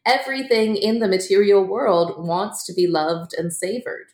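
A woman author talking as a guest in a relaxed interview, chatty and quick to laugh, full of fillers. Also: mid-range voice. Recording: echoey room.

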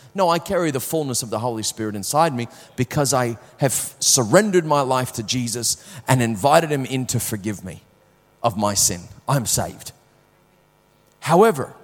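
A man preaching a sermon, telling a personal story with strong swings from hushed to loud, often repeating words as he starts sentences. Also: medium pitch, in a large hall.

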